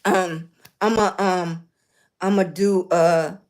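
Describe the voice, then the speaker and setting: A middle-aged woman, hosting a casual livestream and greeting viewers warmly as baby and sweetie, hoarse and clearing her throat from a cough. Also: on the low side, fairly even intonation, slow pace. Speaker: livestream host.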